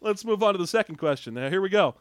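Brief: man in his podcast host role, rambling and playful, slightly higher voice, dry close sound. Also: lively intonation, fast, dry recording. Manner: jokey and rambling, reads listener questions. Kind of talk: casual chat.

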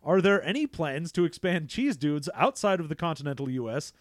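A sarcastic man co-hosting a comedy podcast, swearing and laughing as he trades jokes. His voice is high and bounces around a lot in pitch, and the dry, close recording has no room echo. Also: animated, a little fast. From outside the US. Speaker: podcast co-host. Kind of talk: casual comedic chat.

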